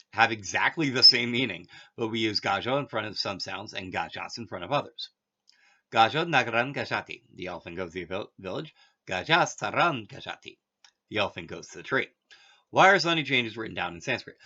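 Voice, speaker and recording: A man's voice: on the low side, bright, forceful tone. A man teaching a language lesson, reading the text aloud and breaking off for offhand asides. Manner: reads text then adds offhand asides. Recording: dull lo-fi audio.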